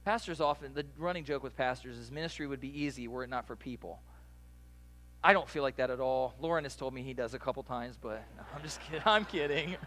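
A man preaching a sermon as pastor, in a conversational way with animated asides. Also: mid-range voice, fast, a little hiss or hum.

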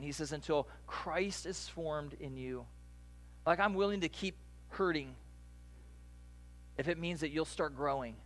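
A man preaching a sermon as pastor, in a conversational way with animated asides. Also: on the high side.

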